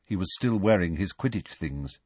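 Husky-voiced man narrating a story. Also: low voice, moderate pace, no room sound. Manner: expressive storytelling. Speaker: audiobook narrator. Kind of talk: scripted narration.

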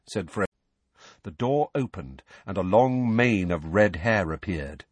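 A man narrating an audiobook with expressive storytelling. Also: low-pitched, unhurried, slightly rough, no room sound. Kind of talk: scripted narration.

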